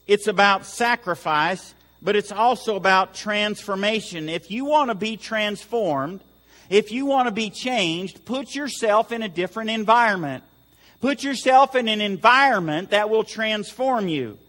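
A male pastor delivers a Sunday sermon with a high, ringing voice that swells for emphasis. His words carry a long reverberation through the church hall, and he mixes earnest exhortation with light humor. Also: animated, a little slow, fairly bright tone. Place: church sanctuary.

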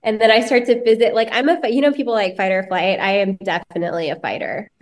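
A woman's voice: mid-range voice, fast. A woman co-hosting a podcast, chatting enthusiastically with lots of filler words and asking the guest questions. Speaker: podcast co-host. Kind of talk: casual chat.

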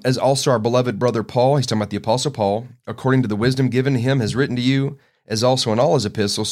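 A man preaching a sermon podcast, reading scripture aloud and breaking into folksy, emphatic asides. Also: on the low side. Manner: folksy, earnest, rising to emphatic outbursts.

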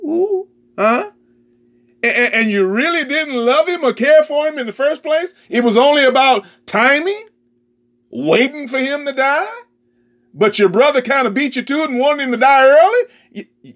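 A man preaching a sermon, prodding his listeners with repeated questions, stammering repeats and sudden shouted lines. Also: extremely high pitch. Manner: rhetorical, prodding the crowd with repeated "huh?"; stammering repetitions, bursts of shouting.

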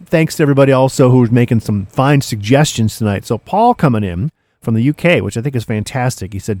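A middle-aged man hosting a radio show, chatting casually with hip slang, lots of "uh"s and bursts of excitement. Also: mid-range voice, no echo. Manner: excitable, laid-back hipster slang, many fillers. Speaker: radio DJ host.

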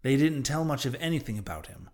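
A man's voice: mid-range voice, expressive, fast talker, close to an everyday voice. A man voicing an impatient young male sailor who answers in a blunt, questioning way. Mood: skeptical.

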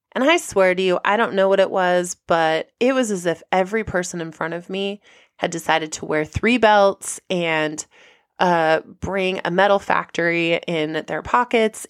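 A woman hosting a podcast, telling a personal story in a lively way and acting out the people she quotes. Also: no room sound, studio quality. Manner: animated, acts out quoted people with big pitch jumps. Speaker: podcast host.

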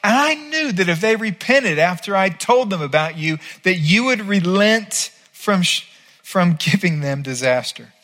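A man plays a fed-up, angry male prophet who complains to God in a whining, exasperated outburst. The voice climbs high and sounds tense and bright, like a sulky rant. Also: expressive, measured pace, full character voice.

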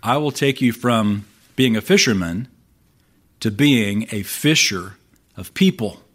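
A man preaching a sermon in a conversational way, reading scripture aloud with lively emphasis and wry asides. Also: fairly low pitch, a little slow. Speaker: pastor.

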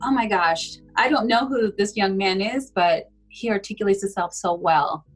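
A woman's voice: mid-range voice, moderate pace, breathy edge, soft background music, rough recording. A woman speaking as a podcast guest, talking openly and emotionally in a casual conversation, with frequent filler words. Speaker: guest, adoptee.

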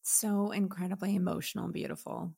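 A woman's voice: on the low side, fairly even intonation, a little fast, gravelly, over loud music. A woman co-hosting a podcast, casually sharing what she liked about an album in an agreeable, easygoing way. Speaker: podcast co-host. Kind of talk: casual music review chat.

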